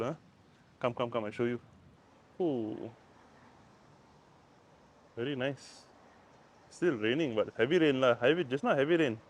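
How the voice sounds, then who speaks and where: A man with a Malaysian English accent giving a casual, playful language lesson, recorded on a handheld camera by the door of a house. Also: mid-range voice. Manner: chatty, playful, repeats words. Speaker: language teacher. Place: by the door of a house, outside in the rain.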